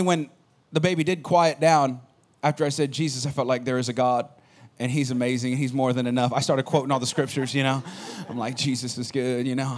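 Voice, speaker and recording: A man giving a sermon, telling a personal story in a casual, animated way that drops low at the quiet moments. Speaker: pastor.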